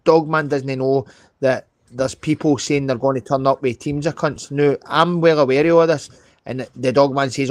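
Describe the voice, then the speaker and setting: A man's voice: medium pitch, fairly even intonation, normal speed, no room sound. A man with a Scottish accent, talking heatedly and swearing a lot on a live call, tagging lines with "mate" and "know what I mean". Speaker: live stream guest. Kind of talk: casual chat on a live call.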